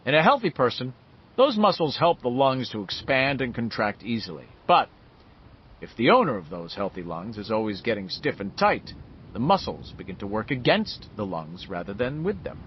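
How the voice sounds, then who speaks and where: A man playing a smug older pharmacist who lectures with dry, controlling calm and lets his pitch rise and fall widely. The audiobook recording sounds slightly muffled, with a faint rumble behind it. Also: lightly acted. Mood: lecturing. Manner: measured, lecturing, quietly sharp.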